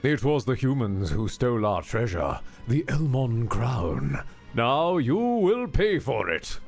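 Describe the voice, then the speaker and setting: A man doing a slow, deep-voiced monster warlord. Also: huge pitch swings, vocal fry, faint music behind, exaggerated voice. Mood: menacing. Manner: slow, booming villain delivery. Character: menacing male monster leader, vengeful and grand. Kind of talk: voicing game dialogue on a livestream.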